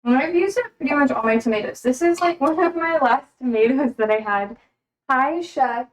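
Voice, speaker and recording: A woman's voice: sits high, normal speed, poor audio. An American woman cooking in her home kitchen on a live stream, chatting casually and answering her chat. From United States.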